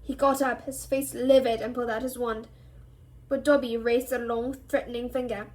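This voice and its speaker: High-voiced woman reading a novel aloud. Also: normal speed. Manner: expressive reading with voices for each character. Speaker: reader.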